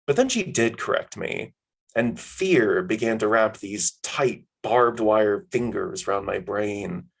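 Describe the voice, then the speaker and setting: Man reading his own story, gravelly. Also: on the low side, animated, slow pace, rough recording. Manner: casual, wry, laughs at his own lines. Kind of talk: reading fiction aloud at a story event.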